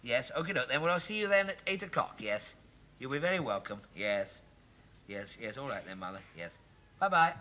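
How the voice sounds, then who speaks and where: A flustered, giggly clerk. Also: male voice, medium pitch, big pitch swings, fairly quick, pushed and bright, a little hiss or hum. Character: fussy, excitable office clerk man, mother-ruled. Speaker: sitcom lead actor. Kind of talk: 1970s television sitcom acting.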